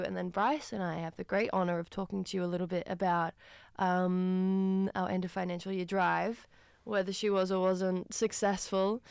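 An Australian woman presenting radio in a chatty, upbeat way, with a few ums along the way. Her voice is smooth and resonant, with a touch of gravel in it. The studio mic sounds close and dry. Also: medium pitch, no echo. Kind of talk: casual radio announcing. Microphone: studio microphone.

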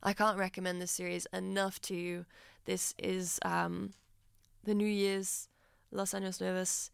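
A woman's voice: lowish voice, level tone, measured pace, gravelly, clear, resonant tone, no echo. Woman, radio host, earnest film chat, dry close studio sound. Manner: earnest, reflective, heartfelt. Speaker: radio presenter.

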